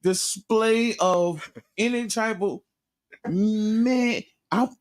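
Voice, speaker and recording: A man with a somewhat high voice co-hosts a casual radio talk show. He speaks emphatically, circles back over his points, and breaks into laughter. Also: drawn-out words, clear, resonant tone. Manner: emphatic, repeats himself, laughs. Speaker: co-host. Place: radio studio.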